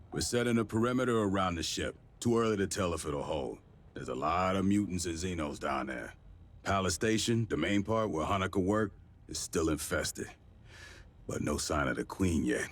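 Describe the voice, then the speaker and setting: A man's voice: very deep voice, husky, heavily acted. An actor playing a blunt, profane military commander briefing his troops. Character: gruff profane man, a tough marine officer.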